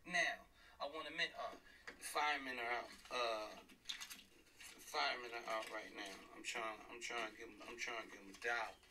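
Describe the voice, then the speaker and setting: A middle-aged father and former police officer rants angrily on a livestream while driving his car. His mid-range voice holds a steady tone at normal speed, and he swears bluntly and repeats himself for emphasis. The mic is distant and the background noisy.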